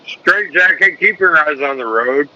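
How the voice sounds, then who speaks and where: A man's voice: fairly high pitch, animated, a little slow. A man chatting casually, teasing and cracking jokes. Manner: teasing, wisecracking. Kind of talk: casual chat. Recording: muffled with faint noise.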